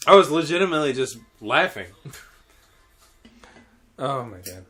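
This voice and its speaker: A man's voice: mid-range voice, sing-song, a little slow, bright, forceful tone, faint music behind. A man telling a classroom story in casual chat, laughing, swearing and shrieking as he quotes a child. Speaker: English teacher in Japan.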